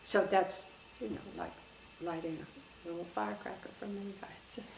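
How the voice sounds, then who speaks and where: A woman's voice: mid-range voice, normal speed, creaky. An older woman telling stories in an oral history interview. She acts out the back-and-forth of conversations she recalls. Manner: lively storyteller, acts out quoted exchanges. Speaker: interviewee, former official. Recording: echoey room with faint hiss.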